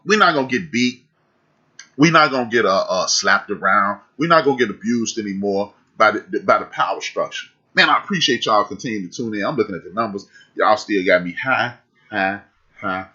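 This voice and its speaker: Deep-voiced guy w/ hosting a live podcast, husky, preachy, repeats himself a lot. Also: bright, forceful tone, highs cut off. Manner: fiery and preachy, repeats phrases for emphasis. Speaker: podcast host. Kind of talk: live-streamed talk.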